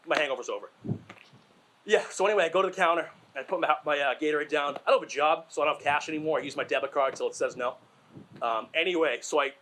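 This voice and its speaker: A man's voice: fairly high pitch, a bit bright, a little hiss or hum. A young man from Massachusetts telling rambling, crude, self-deprecating stand-up stories, full of asides and fillers. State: out of breath. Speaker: stand-up comedian.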